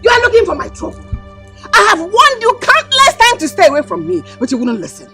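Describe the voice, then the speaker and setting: An actress with a Nigerian accent playing a combative, defiant housewife in a loud family quarrel. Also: female voice, very high voice, wildly swooping pitch, fairly quick, over loud music, exaggerated voice. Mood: threatening. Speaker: co-wife or sister-in-law in a family quarrel. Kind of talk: Nollywood film acting.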